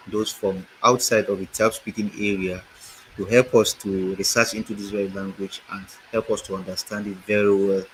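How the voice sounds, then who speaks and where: Nigerian male teacher, low, sharp-edged voice, deliberate explanations, video-call mic. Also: a little hiss or hum, rough recording. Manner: slow, explanatory, repeats words for emphasis. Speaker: language teacher. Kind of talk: online lecture with slides. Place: home setup, online meeting. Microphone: computer mic on a video call.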